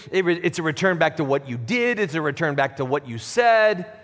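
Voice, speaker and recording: A man's voice: on the high side, animated, normal speed, few pauses, fairly bright tone, big-room sound. A man preaching a sermon as pastor, in a conversational, plain-spoken way that builds to emphatic peaks. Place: church sanctuary.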